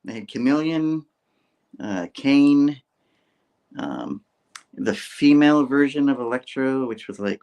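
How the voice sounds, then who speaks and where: A man with a middle-pitched voice that swings widely up and down talks excitedly on a casual podcast. He giggles easily and sounds eager as he chats. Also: takes it slowly, vocal fry, long pauses. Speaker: co-host.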